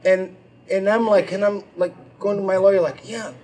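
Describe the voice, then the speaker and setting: A high-pitched man performs stand-up, spinning a story with plenty of swearing and shouted impressions. A live audience laughs loudly around him. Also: moderate pace, crowd noise. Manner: profane, animated, acts out quotes with shouts. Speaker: stand-up comedian.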